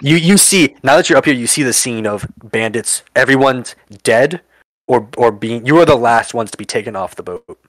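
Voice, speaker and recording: A man narrating as game master of a tabletop role-playing game, halting with many fillers and restarts. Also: medium pitch, lively intonation, dry recording.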